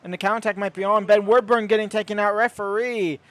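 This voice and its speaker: A young man giving excitable play-by-play commentary over his own football video game, rising to shouts at goals. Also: high voice, fast talker, no echo. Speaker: gaming YouTuber.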